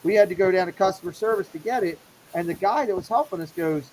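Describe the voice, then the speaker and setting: A man's voice: high voice, quick pace, a little mellow, a little hiss or hum, rough recording. A middle-aged man hosting a casual show, animatedly acting out the people in his story. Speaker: show host.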